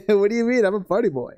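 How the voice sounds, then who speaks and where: A man's voice: high voice, darkish tone, no room sound, highs cut off. A man in playful, laid-back banter with friends while gaming. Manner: laid-back, playful, jokey bro talk. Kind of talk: casual chat while gaming.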